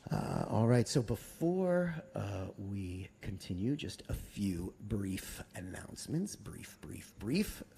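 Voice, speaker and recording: Gravelly low-voiced man leading prayers. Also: animated, mellow, a little hiss or hum. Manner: earnest, with halting restarts when speaking off the cuff. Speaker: rabbi. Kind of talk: leading a Shabbat service.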